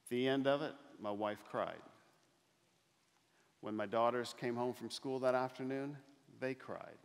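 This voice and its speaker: Middle-aged male keynote speaker, mid-pitched, storytelling with slow emphatic pauses, long echo of a big hall. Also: smooth. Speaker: motivational speaker. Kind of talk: inspirational keynote speech. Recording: long reverb of a large hall.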